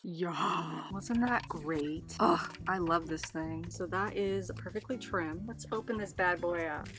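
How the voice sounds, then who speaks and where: A young woman in casual vlog chat, chatty and quick to get excited or exasperated. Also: on the low side, over music. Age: young adult. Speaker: vlogger.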